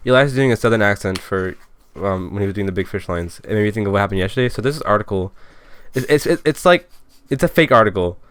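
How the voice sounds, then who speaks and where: An eighteen-year-old man co-hosting a casual podcast, telling profane stories at a rapid clip. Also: fairly low pitch, animated, fairly bright tone, smooth, no echo. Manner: rapid, profane anecdotal storytelling. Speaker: podcast co-host.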